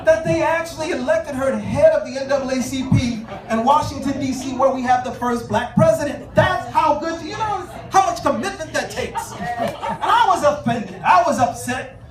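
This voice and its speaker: A man doing stand-up with a very high voice and punchy, conversational timing. He sounds a little off-mic in a roomy club, and loud audience laughter and chatter fill the room around him. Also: normal speed, far from the mic. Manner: punchy, conversational delivery with frequent impressions. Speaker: stand-up comedian. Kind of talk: stand-up comedy set. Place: comedy club stage.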